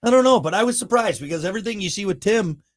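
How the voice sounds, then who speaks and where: A man co-hosting a podcast, chatting casually and riffing with animated emphasis. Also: high voice, rapid-fire. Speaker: podcast co-host. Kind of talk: casual chat.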